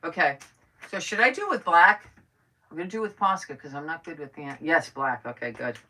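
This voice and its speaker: Low-voiced chatty woman crafting live. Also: brisk, sharp tone. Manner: chatty, rambling, greets viewers by name. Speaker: crafting livestream host. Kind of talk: casual chat while crafting live. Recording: voice a bit far from the mic, faint noise.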